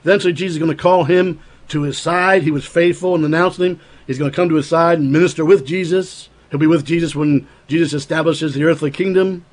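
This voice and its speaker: A man's voice: a little high, fairly even intonation, fast talker. A man preaching a sermon, explaining scripture earnestly and acting out quoted lines with a raised voice.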